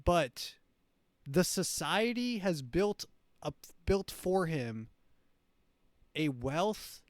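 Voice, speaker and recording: A man's voice: fairly high pitch, very animated, extremely slow, dry recording. Rambling man hosting a comedy show, dry sound. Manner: rambling, mocking, with frequent restarts. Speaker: show host. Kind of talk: casual commentary on clips.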